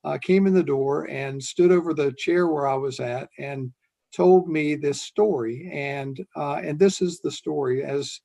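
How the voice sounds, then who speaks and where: Gravelly older man, retired police chief. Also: fairly high pitch, dark tone. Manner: earnest, unhurried storyteller. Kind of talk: conversational interview storytelling.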